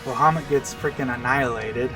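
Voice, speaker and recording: A man's voice: mid-range voice, steady tone, brisk. A man casually commentating a game he is playing, chatty and laughing, with lots of "like". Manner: chatty, laughs a lot, many "like"s. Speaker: let's play commentator. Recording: faint game music behind.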